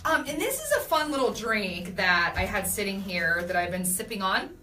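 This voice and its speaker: A young adult woman hosting a casual live video, reading viewer comments and telling animated stories about her kids. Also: medium pitch, normal speed, roomy sound, far from the mic, soft background music. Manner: chatty, animated storytelling with laughs. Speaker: radio host doing a live video.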